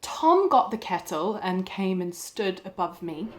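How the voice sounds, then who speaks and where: An actress playing a young wife who records a shaken video message to her mother, speaking softly and haltingly. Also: mid-range voice, very animated, slight background noise, poor audio. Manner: soft, hesitant, halting delivery with quiet dips. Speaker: actor in a short film. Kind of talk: dramatic monologue as a video message.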